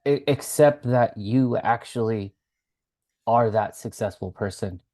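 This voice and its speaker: A man's voice: medium pitch, a little slow, dark tone. A man co-hosting a casual podcast recapping a TV show, talking expressively, swearing freely and laughing as he acts out quotes. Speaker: podcast co-host.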